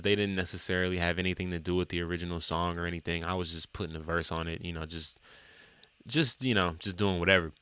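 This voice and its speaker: A man musician talking casually to camera about his songs, rambling with many fillers and sudden jumps up in pitch. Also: fairly bright tone, clear, resonant tone, dry recording. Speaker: musician and TikTok creator.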